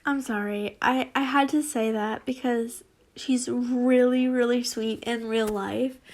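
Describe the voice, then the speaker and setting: A woman's voice: a little high, steady tone, measured pace. A young woman reading fanfiction aloud in a casual, rambling way, often breaking off to laugh and apologize. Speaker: fanfiction reader. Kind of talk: casual reading with chatty asides.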